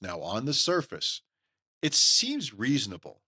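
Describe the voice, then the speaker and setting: A middle-aged man hosting a podcast, talking in an emphatic, folksy, opinionated way and mimicking others in quick asides. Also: mid-range voice, big pitch swings, bright, forceful tone, no echo, studio quality. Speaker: podcast host. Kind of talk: opinionated solo podcast talk.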